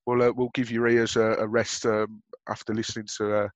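A man's voice: lowish voice, level tone, brisk, no echo. A man with a Birmingham accent co-hosting a football podcast, chatting casually with frequent fillers and restarts. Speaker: podcast co-host.

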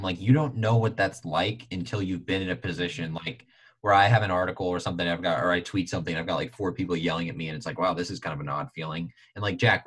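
A young man with a low, husky voice co-hosts a sports podcast. He talks casually but gets heated, leaning on filler "like" and jumping sharply upward in pitch to stress his points. His delivery is animated and opinionated throughout. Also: low-quality recording. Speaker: podcast co-host.

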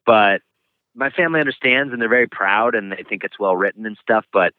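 A man speaking frankly and reflectively as an author being interviewed, pausing often as he talks. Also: fairly low pitch, clean tone, no echo. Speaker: author and guest. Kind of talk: candid interview conversation. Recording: tinny phone-like line, dry.

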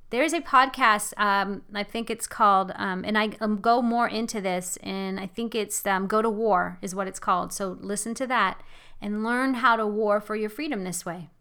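Bright-voiced woman giving earnest devotional teaching. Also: fairly high pitch. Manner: earnest, exhorting, conversational with fillers. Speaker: Christian teacher.

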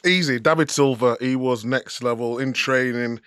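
A man's voice: mid-range voice, fairly bright tone, clear, resonant tone, no echo, clean studio sound. A man co-hosting a podcast, chatting in a keen, joking way. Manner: enthusiastic, jokey, quick asides. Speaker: podcast co-host. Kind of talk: casual chat.

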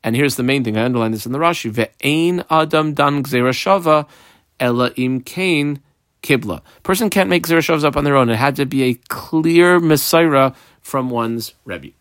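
A man's voice: mid-range voice, moderate pace, a bit bright, no echo, studio quality. A man teaching a Talmud class. He explains the text in English, mixing in Hebrew and Aramaic terms, with frequent fillers.

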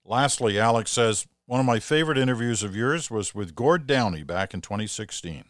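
A man's voice: mid-range voice, expressive, moderate pace, no echo, clean studio sound. A Canadian man hosting a podcast, reading listener mail aloud and adding chatty asides as he thinks aloud. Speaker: podcast host.

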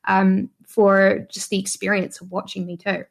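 A woman's voice: medium pitch, flat delivery, normal speed, vocal fry. A woman with a New Zealand accent, a YouTuber guest chatting casually in an interview, laughing often and filling her talk with ums and restarts. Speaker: guest, online business YouTuber.

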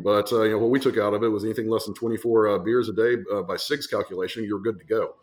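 A man with a low voice tells a story from his brewery's past as a guest on a podcast. He rambles and restarts, and his fillers and asides show that he enjoys it. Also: fairly even intonation, fast talker, few pauses, darkish tone. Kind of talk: casual storytelling.

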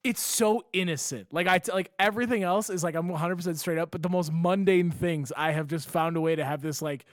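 A young man with a high voice tells stories in a loose podcast chat, switching between voices as he acts out both sides of a conversation. He swears casually. The sound is close and dry, with no room around it. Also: a little fast, no room sound. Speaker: podcast co-host.

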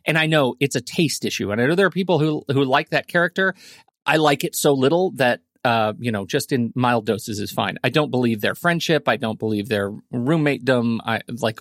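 A man's voice: medium pitch, brisk, a bit bright, dry recording, clean studio sound. A man co-hosting a movie podcast, giving strong opinions and repeating words for emphasis. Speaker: podcast co-host. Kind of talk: casual movie review chat.

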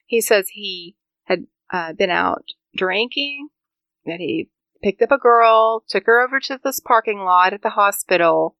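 A woman's voice: mid-range voice, measured pace, dry recording, muffled recording. Laughing woman telling a crime story. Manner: animated storyteller, acts out quotes, laughs often. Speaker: podcast co-host. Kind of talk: casual true-crime chat.

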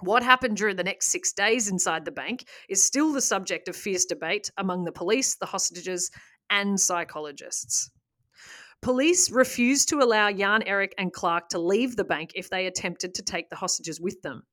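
A woman hosting a casual podcast, retelling a story with lively asides and laughs. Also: mid-range voice, moderate pace. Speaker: podcast host.

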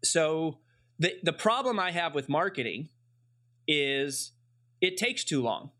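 A man's voice: fairly high pitch, expressive, slow, pushed and bright. A man hosting an interview about sales, asking questions in a casual way and thinking aloud as he speaks. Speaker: podcast host, sales consultant. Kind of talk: conversational interview.

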